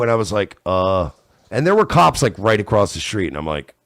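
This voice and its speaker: Animated gravelly-voiced man, casual chat. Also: sits low, moderate pace, dry recording, clean studio sound. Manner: animated, acts out others in loud voices. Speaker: podcast guest.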